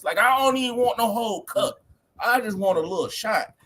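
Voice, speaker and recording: Podcast co-host, young man, high husky voice, lively heated slangy talk, acts out quotes. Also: a little fast. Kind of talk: casual heated podcast chat.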